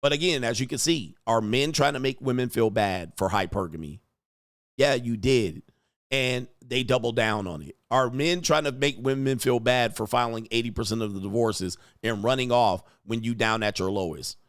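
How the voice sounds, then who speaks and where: A man's voice: mid-range voice, moderate pace, no room sound, clean studio sound. A man hosting a reaction commentary show, talking in a blunt, crude and mocking way with lots of slang. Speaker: commentary host.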